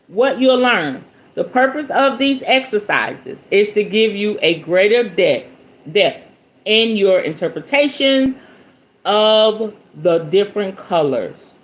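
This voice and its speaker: A woman hosting a podcast, reading a book aloud and breaking off into playful, casual commentary. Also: medium pitch. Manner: animated, playful asides between read passages. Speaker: podcast host.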